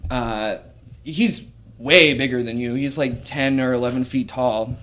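Slow, halting game master man. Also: mid-range voice, a bit bright. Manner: slow, hesitant, with many fillers. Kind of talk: narrating a tabletop game.

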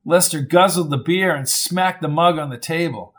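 Reading a crime novel aloud, a male audiobook narrator keeps his scripted narration calm and measured. His pitch runs slightly high for a man, and the storytelling pace stays even from scene to scene.

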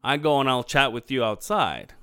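A man's voice: medium pitch, normal speed, clean tone. A middle-aged man in casual chat, telling a story with acted-out quotes and a lot of swearing. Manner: animated, acts out quotes, swears freely. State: clearing his throat, morning voice. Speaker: podcast co-host.

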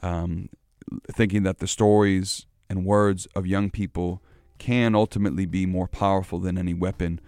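A man, a poetry festival organizer, explaining in a measured, deliberate way. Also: low voice, flat delivery, a little mellow, smooth, dry recording, clean studio sound. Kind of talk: explanatory interview talk. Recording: faint music underneath.

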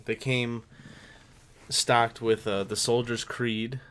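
A man's voice: medium pitch, level tone, slow pace, fairly bright tone, clear, resonant tone. A man in his twenties co-hosting a casual podcast chat, loose and blunt with lots of "like". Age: 20s. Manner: loose and blunt, peppered with 'like'. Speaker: podcast co-host.

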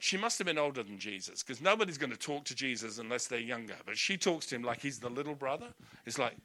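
Animated male preacher telling stories. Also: medium pitch, fast, few pauses. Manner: animated, storytelling, laughing asides. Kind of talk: sermon.

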